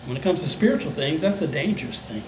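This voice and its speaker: An older man, a pastor, preaching a conversational sermon that dips into soft, low tones for emphasis. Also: animated, quick pace, reverberant, slight background noise, rough recording. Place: church sanctuary.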